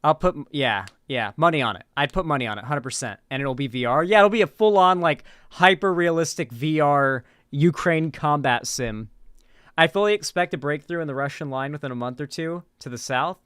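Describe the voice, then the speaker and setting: A man's voice: fairly high pitch, fairly quick, fairly bright tone, clean tone, no room sound, clean studio sound. Rambling male livestream commentator. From Florida, US. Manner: rambling, full of "like" and restarts, talks to chat.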